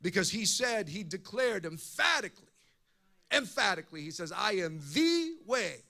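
Guy pastor preaching hard, real high pitched, bright sharp tone. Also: big pitch swings, normal speed, vocal fry. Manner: impassioned, repeats words as he preaches. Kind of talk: sermon.

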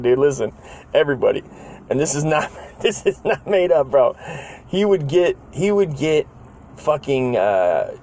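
A man in his forties telling a childhood story in casual, profanity-laden talk. He rambles, uses a lot of slang, and jumps up into higher voices when he quotes people. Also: a little mellow, slight background noise.

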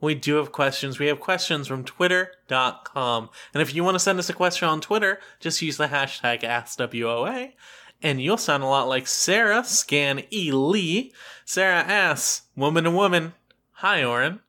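Bright-voiced man reading listener questions. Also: fairly high pitch, lively intonation, moderate pace. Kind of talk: casual comedic chat.

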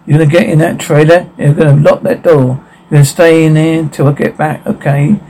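A man's voice: a little high, a little fast, close to an everyday voice, rough recording. An actor playing a protective father who gives his daughters firm, commanding orders in a horror film. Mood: urgent. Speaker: father of the family. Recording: film soundtrack with steady background noise.

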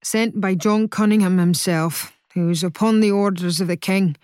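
A woman reading an audiobook voices a proud Scottish commissioner, a man in his prime, who speaks slowly with a low, burring voice. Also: expressive, dry recording, studio quality. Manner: slow, pompous and proud.

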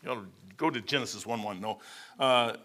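Bright-voiced older man preaching casually. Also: mid-range voice. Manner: conversational, rambling, loses his place in his notes; acts out the people in the stories with quick changes of voice. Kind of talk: informal sermon.

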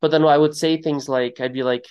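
A man hosting a podcast interview in a relaxed conversational way, telling stories and acting out what people said with sudden jumps in his voice. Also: a little fast, clear, resonant tone, dull audio. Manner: storytelling, acts out quotes with big pitch jumps. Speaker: podcast host.

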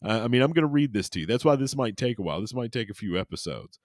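A man's voice: medium pitch, lively intonation, racing, a little mellow, no room sound, studio quality. A man hosting a podcast, reading aloud and chatting in a rambling, jokey way with many restarts and crude asides. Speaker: podcast host. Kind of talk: casual chat and reading aloud.

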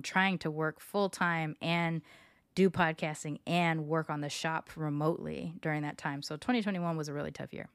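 A woman's voice: low voice, clear, resonant tone, no room sound, studio quality. A woman hosting a podcast in a casual, candid chat, talking openly with frequent fillers. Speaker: podcast host. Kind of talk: casual solo podcast talk.

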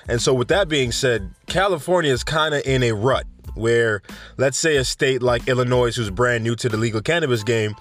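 A man from Jamaica hosting a casual cannabis news podcast, rambling and joking with slangy asides. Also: mid-range voice. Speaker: podcast host.

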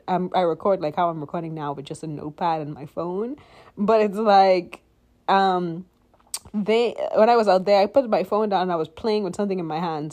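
A woman's voice: medium pitch, darkish tone. A woman giving a chatty, apologetic introduction to her podcast episode.

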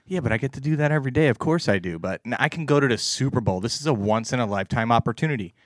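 A man's voice: mid-range voice, lively intonation, very fast, no room sound, clean studio sound. A man moderating a casual podcast debate, asking questions back at both sides. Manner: plays devil's advocate with questions.

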